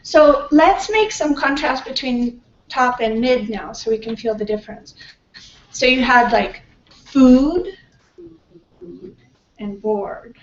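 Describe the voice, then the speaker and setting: A woman teaching a pronunciation workshop, modeling words slowly and checking in often with her class. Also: on the high side. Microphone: distant room mic. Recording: echoey classroom from far off, dull and slightly noisy.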